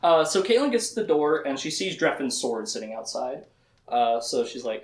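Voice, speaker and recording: A man's voice: mid-range voice, moderate pace, echoey room. A man casually recapping a fantasy novel for a podcast, rambling, laughing and quoting the characters. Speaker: podcast host. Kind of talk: casual book discussion.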